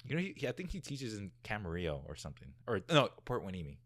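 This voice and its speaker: A man's voice: on the low side, very animated, quick pace, fairly bright tone, no echo. A young man being interviewed in his own office, laid-back and teasing with a dry humor. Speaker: guest content creator. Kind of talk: casual interview chat.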